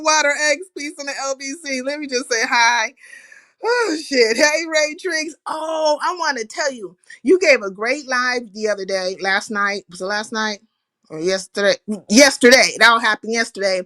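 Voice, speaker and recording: A woman's voice: fairly high pitch, fairly bright tone, dry recording. A woman hosting a casual livestream, talking animatedly, cursing freely and greeting viewers by name. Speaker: livestream host.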